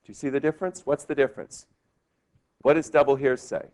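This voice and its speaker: A male law professor giving a classroom lecture, lively and quizzing his students with questions. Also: mid-range voice, fairly quick. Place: law school lecture hall.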